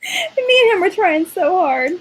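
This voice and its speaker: A woman's voice: extremely high pitch, wildly swooping pitch, normal speed. A woman co-hosting a podcast in casual chat, insistent and often talking over her co-host.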